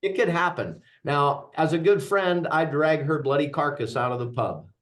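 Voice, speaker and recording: A man's voice: a little high, moderate pace, a bit bright. Man leading a veterans workshop. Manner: earnest, joking storyteller addressing audience. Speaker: veteran trainer. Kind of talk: interactive workshop talk.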